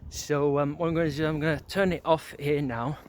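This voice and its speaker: A man's voice: a little high, steady tone, a little fast, a little mellow, a little hiss or hum. Rambling middle-aged man outdoors. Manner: rambling, loose, full of "kind of, sort of, like", swears freely. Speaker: vlogger. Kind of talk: casual walking reminiscence. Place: outdoors walking around a residential neighbourhood.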